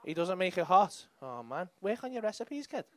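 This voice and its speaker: A man's voice: sits high, big pitch swings, moderate pace, a bit bright. A young man with a Liverpool accent doing brash, sweary crowd work as a stand-up comedian on a club stage. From England.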